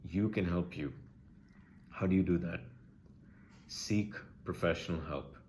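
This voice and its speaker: A man's voice: low-pitched, measured pace, darkish tone, a little hiss or hum. A man speaking earnestly and emotionally to his viewers, pleading with them and repeating key phrases for emphasis. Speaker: vlogger sharing personal experience. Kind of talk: earnest personal address to camera.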